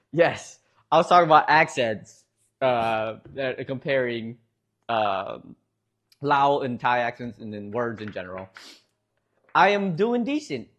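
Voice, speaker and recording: A man's voice: on the high side, fairly bright tone. A man streaming, chatting casually with his viewers in a rambling, hesitant way, restarting sentences and chuckling.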